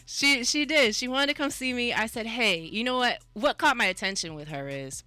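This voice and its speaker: A woman hosting a casual radio talk show about mental health, chatty and quick to laugh. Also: a little high, pushed and bright, dry recording, faint music behind.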